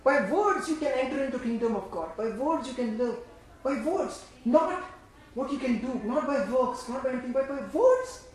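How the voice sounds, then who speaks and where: A man preaching a sermon in an emphatic, repetitive way, swinging between loud bursts and hushed lines, and leading the congregation in repeating phrases. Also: very high-pitched, animated, moderate pace. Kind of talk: sermon with call-and-response. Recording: very echoey room.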